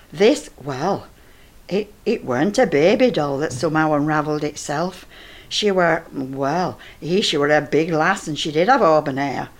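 An older woman with a Northern English accent and a voice on the low side delivers a comic monologue, chatty, gossipy, and flustered.

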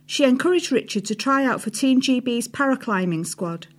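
A woman's voice: high voice, lively intonation, moderate pace. Woman reading a feature aloud. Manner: reads quotes with a lift, drops for speech tags. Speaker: narrator reading an article. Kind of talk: scripted narration reading quotes aloud.

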